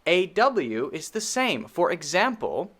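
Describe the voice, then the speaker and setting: Slow, animated American male pronunciation teacher. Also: high-pitched. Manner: drawn-out drilled vowel sounds, repeated slowly. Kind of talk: pronunciation lesson.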